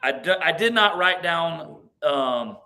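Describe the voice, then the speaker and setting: A man's voice: fairly high pitch, lively intonation, takes it slowly, sharp tone. A man teaching a church Bible class, thinking aloud with restarts, reading verses and asking the group questions. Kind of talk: conversational Bible study teaching.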